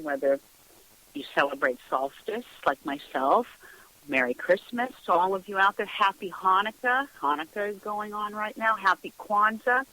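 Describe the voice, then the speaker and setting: A woman's voice: fairly low pitch, pushed and bright, rough recording. A middle-aged woman hosting a radio talk show, chatting casually, laughing often and acting out quoted dialogue. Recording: radio broadcast sound.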